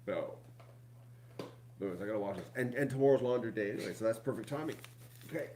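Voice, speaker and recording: A man's voice: lowish voice, fast talker, long pauses, noisy background. A middle-aged man, chatting casually to viewers at home, rambling and repeating himself. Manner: addresses viewers as folks. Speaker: vlog host.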